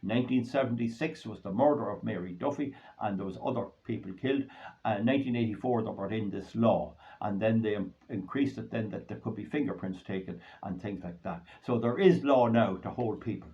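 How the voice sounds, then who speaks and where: A man's voice: on the low side, fairly quick, dark tone, lo-fi sound. An older Irish man giving an indignant solo monologue to his viewers, repeating his points with emphasis. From Ireland. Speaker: political commentator.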